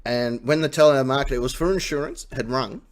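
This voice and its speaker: A man's voice: medium pitch, fast. A man with an Australian accent, co-hosting a live talk show and telling funny stories with lots of laughter. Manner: storytelling, laughing, acting out phone calls. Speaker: co-host. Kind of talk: casual chat.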